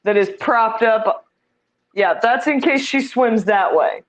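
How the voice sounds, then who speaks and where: A woman's voice: on the high side, takes it slowly, poor audio. Chatty woman touring her fish tanks. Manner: chatty, self-deprecating, laughs easily. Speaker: fish breeder giving a tank tour. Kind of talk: casual tour chat. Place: home fish room with many tanks.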